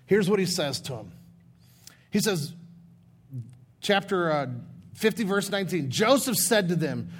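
A man's voice: high-pitched, sing-song, measured pace, long pauses, husky. Earnest middle-aged male pastor preaching. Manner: earnest, conversational preaching with dramatic paraphrase. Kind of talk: sermon.

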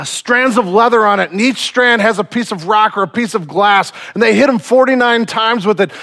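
A man preaching a sermon, retelling a story in casual slang and swinging from loud to hushed. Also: high voice, creaky.

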